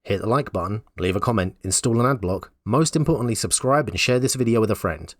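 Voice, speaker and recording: Low-voiced guy doing wry blunt commentary, dry sound. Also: animated, fast, no room sound. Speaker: YouTube commentator. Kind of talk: opinion commentary.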